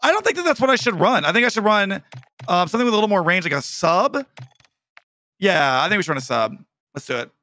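A man's voice: sits high, sing-song, fast, pushed and bright. A man on a gaming voice chat, joking around bluntly and swearing freely with his friends. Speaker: streamer's teammate.

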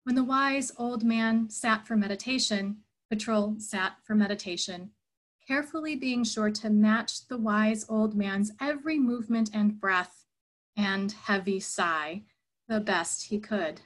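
A woman's voice: mid-range voice, measured pace, poor audio. A woman giving a reflective sermon at an online church service, earnest and thoughtful, telling a story.

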